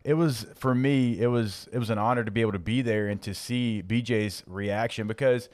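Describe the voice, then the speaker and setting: A man's voice: on the low side, steady tone, normal speed, darkish tone. A man co-hosts a casual sports podcast in a stadium studio. He speaks earnestly and steadily, often starting his thoughts with "like" or "I mean.". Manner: earnest, heavy use of "like" and "I mean". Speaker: podcast co-host, former player.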